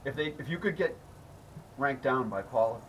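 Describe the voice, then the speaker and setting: A man's voice: medium pitch, expressive, normal speed, a bit bright, recorded from a distance, slight background noise, rough recording. A man, a guest on a podcast, reminiscing in easygoing casual chat.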